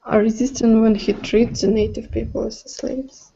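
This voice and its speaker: A woman's voice: a little high, steady tone, moderate pace, gravelly, dark tone, husky, highs cut off. A woman whose native language is Russian, answering unsurely in English as a student and correcting herself.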